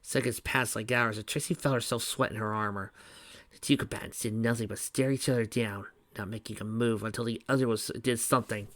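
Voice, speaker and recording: A man reading fan fiction aloud in a steady voice, with small slips and restarts. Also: on the low side, a little fast, dry recording. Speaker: reader.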